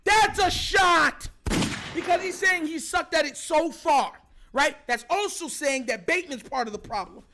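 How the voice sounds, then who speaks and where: A man hosting a sports talk show, ranting heatedly and shouting his points over and over. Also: extremely high pitch, a little slow, slight background noise. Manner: fired-up, shouting, repetitive emphatic. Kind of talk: heated sports commentary rant.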